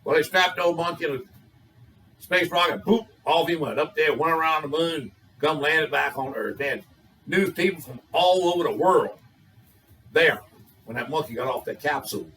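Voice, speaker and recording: An older man with a drawl tells off-color jokes in a folksy, rambling way. His voice sits a bit high and sounds bright and forceful. He sounds some distance from the mic. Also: moderate pace. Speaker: joke teller. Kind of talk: telling raunchy jokes.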